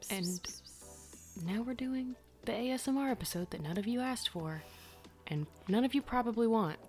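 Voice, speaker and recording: A woman's voice: a little high, expressive, moderate pace, darkish tone, soft background music. A woman co-hosting a podcast in whispered ASMR style, joking and switching between whispers and normal talk, close to the mic in a dorm room. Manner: jokey, mixing whispers with plain talk. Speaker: podcast co-host. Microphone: sock as pop filter, close up.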